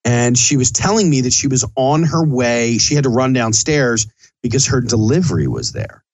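Middle-aged male chef-host, casual rambling podcast talk, mid-pitched, dry close sound. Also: very animated, moderate pace, no echo. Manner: rambling, loose and chatty, swears casually.

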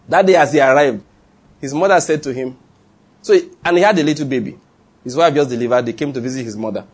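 Husky Nigerian preacher telling stories. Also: male voice, fairly high pitch. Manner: animated, laughing storyteller with call-and-response. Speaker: pastor. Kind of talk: sermon with storytelling.

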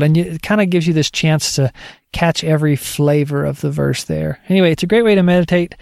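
A man's voice: fairly high pitch, fairly quick, gravelly, a little mellow, dry recording, studio quality. A man giving a casual spoken teaching update on discipling others, conversational and digressive, thinking aloud as he goes.

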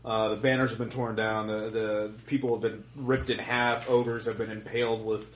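A man narrates as dungeon master at a gaming table, his voice mid-pitched and halting, full of ums and uhs as he describes the scene. The room around him is echoey, with a faint hiss of noise beneath. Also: level tone. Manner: halting, many fillers. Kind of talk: narrating a tabletop game session.

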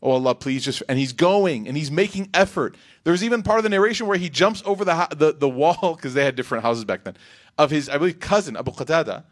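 A man giving an Islamic reminder talk in a lively, rhetorical way, breaking into quick Arabic recitation. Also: a little high. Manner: animated, rhetorical, acts out quotes. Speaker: religious speaker.

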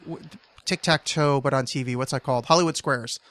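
A man in his thirties hosting a casual podcast chat, rambling and animated, trailing off mid-sentence and swearing now and then. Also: medium pitch, fairly quick. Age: 30s. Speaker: podcast host.

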